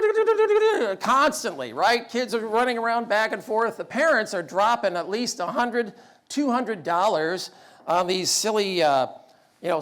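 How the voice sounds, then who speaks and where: A man's voice: sits high, fairly bright tone. A man giving a storytelling talk about fatherhood with wry, self-deprecating humor. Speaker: public speaker.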